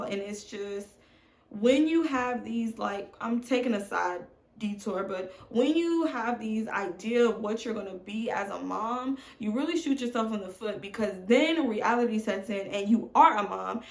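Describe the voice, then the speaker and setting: A woman's voice: on the high side, gravelly. A woman in her thirties, a mom vlogger, talking candidly and emotionally to camera from home, calling her viewers y'all. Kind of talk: candid confessional chat to camera. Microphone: phone on tripod. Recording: echoey room.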